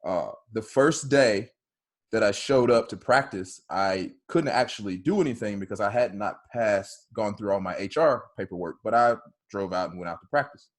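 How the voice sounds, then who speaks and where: A man, a softball hitting coach, telling a story on a video call in a loud, bold way and acting out both sides of the dialogue. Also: on the low side, expressive, moderate pace.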